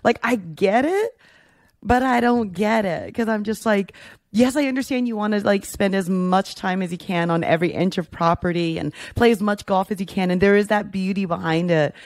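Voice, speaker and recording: A man telling a story in casual podcast chat, animated and acting out the people he quotes. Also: high voice, fairly quick, no echo, clean studio sound. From Florida.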